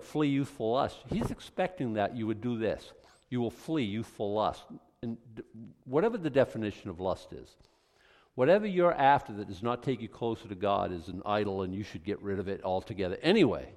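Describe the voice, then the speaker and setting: A man's voice: medium pitch, darkish tone, long reverb tail. A male pastor teaching a Bible study, fired up and emphatic, with conversational asides to the congregation.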